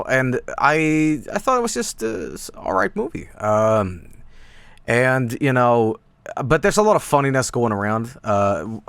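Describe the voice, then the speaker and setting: A man's voice: medium pitch, smooth, no room sound. A man chatting casually on a stream, rambling with lots of fillers and restarts and swearing now and then.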